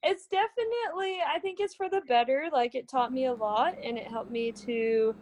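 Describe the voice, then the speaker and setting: A woman's voice: high voice, normal speed, a little mellow, no room sound, low-quality recording. A woman guest casually telling a personal story with lots of "like" fillers.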